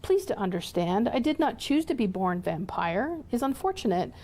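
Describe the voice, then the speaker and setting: A woman's voice: mid-range voice, sing-song, moderate pace, darkish tone. A woman voicing a polite, pleading male vampire as she reads a novel aloud, with formal, stiff phrasing.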